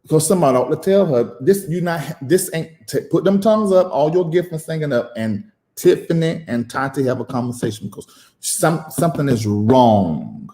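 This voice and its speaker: A man who is a preacher and show host giving emotional live-stream commentary, emphatic and preachy, repeating phrases and pausing at length. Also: mid-range voice, very animated, warm tone, echoey room.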